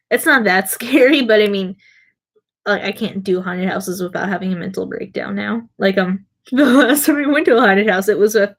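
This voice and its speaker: A woman's voice: mid-range voice, creaky. A young woman streamer telling stories in a casual, rambling way, mocking herself and laughing as she goes. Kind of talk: casual storytelling.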